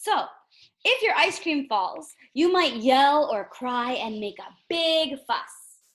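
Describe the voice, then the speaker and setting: A woman teaching a reading lesson to young children in a gentle way. She asks questions and often checks in with them. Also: sits high, expressive, slow pace.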